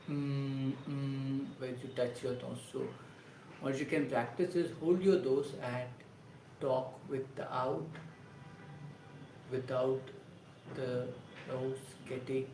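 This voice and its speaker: A man, an actor, talks a livestream through voice drills at a mid-range pitch. He explains in loose, halting bits that he keeps restarting. The room is echoey, with a faint hum of ambience behind him. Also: darkish tone. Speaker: actor teaching voice exercises. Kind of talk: casual livestream tutorial. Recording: roomy echo with faint ambience.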